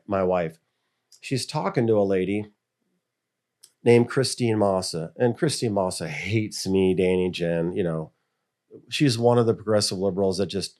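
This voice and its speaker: A middle-aged American man, a school board member, telling stories in a casual interview and acting out the voices he quotes. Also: on the low side. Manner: animated, acts out quoted voices.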